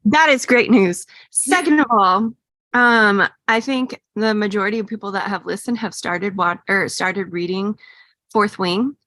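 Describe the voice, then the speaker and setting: A woman co-hosting a podcast chats casually and gushes with enthusiasm. Her voice is medium-pitched and a bit bright, her pace a little slow, and the recording is dry.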